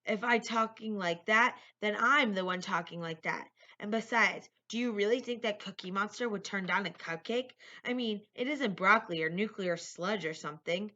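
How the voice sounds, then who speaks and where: Hyper, rambling schoolboy, read by a woman, bright, dull audio. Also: mid-range voice, moderate pace, few pauses, natural voice. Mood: insistent. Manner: rambling, excitable. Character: goofy boy classmate, hyper and food-crazy. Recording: lo-fi recording.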